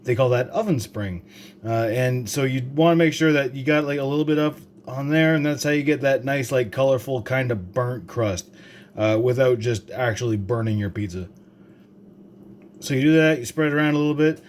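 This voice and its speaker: A man's voice: medium pitch, normal speed, slight background noise. A young man from Canada, talking through a home cooking demonstration in a rambling, joking, profane way full of fillers. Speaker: home cook vlogger. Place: home kitchen.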